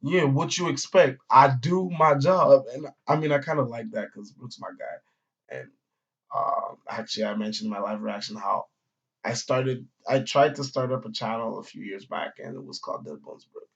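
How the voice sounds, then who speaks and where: A man's voice: on the low side, moderate pace, gravelly, fairly bright tone, slightly rough. Rambling, slangy man on dull lo-fi audio. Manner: rambling, slangy, swears, many fillers. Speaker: manga reviewer. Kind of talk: casual review chat. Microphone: audio-only recording.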